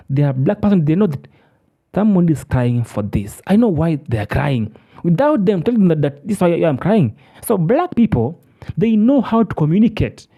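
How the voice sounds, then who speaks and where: Commentator, impassioned preacher cadence, mellow timbre, animated pitch, repeats for emphasis. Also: moderate pace. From Africa. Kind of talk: impassioned monologue.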